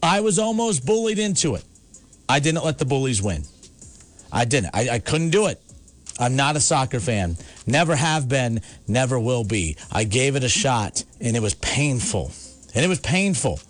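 Over soft background music, a US sports radio host takes calls and rants emphatically in an expressive, medium-pitched voice at a moderate pace. He repeats words and stammers through restarts.

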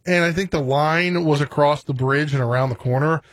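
A male co-host on sports radio gives his takes in a relaxed, offhand manner. His voice sits a bit high for a man, and the studio sound is dry. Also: brisk, no room sound. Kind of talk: casual sports talk.

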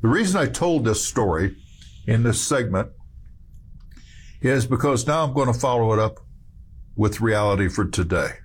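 A man's voice: mid-range voice, husky. A man giving emphatic, rambling storytelling commentary, full of restarts and asides.

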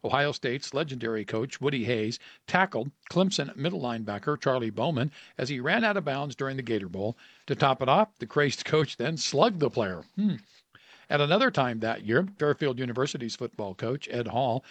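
A man's voice: mid-range voice, dry recording. A man in his sixties, co-hosting a radio show and reading odd sports stories in a dry, chuckling way. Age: 60s.

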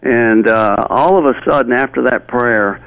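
A man, an interview guest, recounting a personal story in a halting way with many fillers and restarts. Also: medium pitch, vocal fry, a bit bright, clean tone, no echo, muffled recording.

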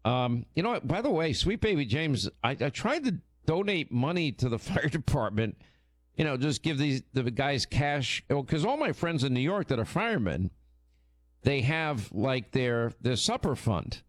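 A man hosting a radio show, telling stories in casual, animated, teasing on-air chat. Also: mid-range voice, moderate pace, no echo, clean studio sound.

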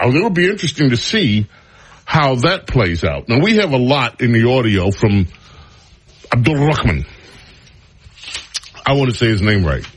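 A man with a husky voice hosts a talk radio show. His pitch rises and falls in a lively way as he chats and ribs his studio crew. He sounds wry and unhurried. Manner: wry, teasing banter with crew. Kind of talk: casual talk radio commentary.

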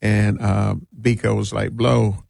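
A man filling in as radio host, talking casually and animatedly, with quick laughs and mock voices. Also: lowish voice, flat delivery, gravelly, darkish tone, no echo, studio quality.

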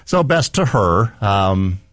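A man hosts a call-in radio show in an easygoing way, answering callers with short, quick acknowledgements. His voice is very low. He speaks close to a studio mic with a dry sound. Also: big pitch swings, fairly bright tone, no echo. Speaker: radio talk show host.

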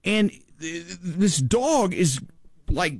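A man with a high, very lively voice tells a story, excitable and quick to laugh. The sound is close and dry, with no room around it. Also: husky, dry recording. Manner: animated, excitable, laughs often, acts out voices. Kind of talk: casual storytelling chat.

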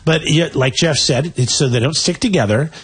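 A man co-hosting a radio morning show, chatting casually on air in a playful, animated way. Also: on the high side, moderate pace, slightly rough. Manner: animated, playful, reads out facts. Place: radio studio.

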